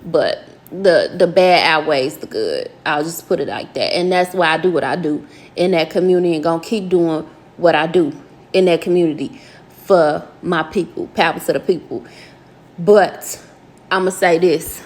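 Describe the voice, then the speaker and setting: A woman community activist from Minnesota, talking casually to her viewers in an animated, folksy way and calling them y'all. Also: low voice, moderate pace. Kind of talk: casual reaction commentary.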